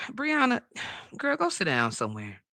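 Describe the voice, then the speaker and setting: A woman host with a bright, lively voice and a gravelly edge trades sassy quips in casual talk show banter. The sound is dry and close. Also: medium pitch, unhurried, no echo. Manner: sassy, quips with sayings and "honey".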